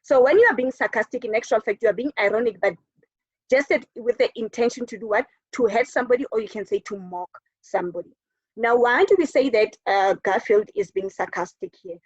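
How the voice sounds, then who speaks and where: A woman's voice: fairly high pitch, brisk, slightly rough, no echo. A woman teacher with a South African English accent giving a recorded lesson, emphatic, repeating words for stress and answering her own questions. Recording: dull, dry lo-fi recording.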